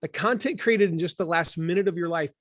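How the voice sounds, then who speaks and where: Southern guy in his 40s, high voice, chatty author interview, keeps restarting his sentences. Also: a little fast, dry recording, clean studio sound. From Southern United States. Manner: animated, rambling with restarts. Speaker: author and guest. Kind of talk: conversational interview.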